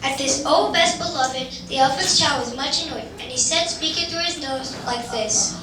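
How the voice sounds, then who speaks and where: An older woman narrating a children's tale in measured storybook style during an amateur stage musical. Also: high-pitched. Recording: echoey hall from far off, background noise.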